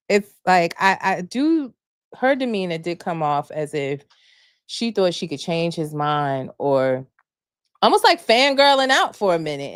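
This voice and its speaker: Woman with spilling reality tv tea on her live show, lowish voice, dry close sound. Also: dry recording. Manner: animated, gossipy, rhetorical questions. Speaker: podcast host. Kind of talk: casual live recap chat.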